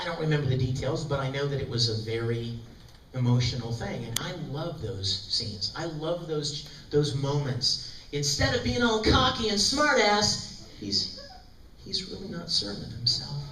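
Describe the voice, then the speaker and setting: A man telling jokey, animated stories to a live audience as a convention panel guest, acting out quotes as he goes. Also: fairly high pitch. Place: large convention hall. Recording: roomy far-off fan recording, crowd noise. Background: audience laughter and hall ambience.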